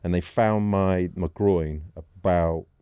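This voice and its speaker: A man's voice: low-pitched, fairly even intonation, slow, dark tone, clean tone, dry recording, clean studio sound. A man in his forties, a podcast guest, telling long self-deprecating anecdotes in casual chat. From England. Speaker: podcast guest, former goalkeeper. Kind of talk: casual storytelling.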